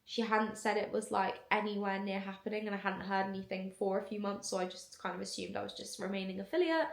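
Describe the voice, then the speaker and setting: Young woman, chatty vlog storytelling, gravelly fry, roomy echo. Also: mid-range voice, fast talker. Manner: chatty, many "like" fillers. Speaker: content creator. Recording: echoey room.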